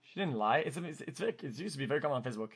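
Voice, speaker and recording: A man in his twenties with a French-Canadian accent, a streamer telling a story in casual chat, excitable, cursing freely and stumbling over repeated words. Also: mid-range voice, very fast, breathy edge. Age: 20s.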